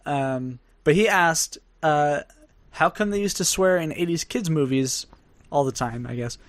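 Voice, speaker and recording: A man's voice: a little high, measured pace, no room sound. A young man co-hosting a podcast in casual chat, rambling and laughing often as he talks. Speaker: podcast co-host.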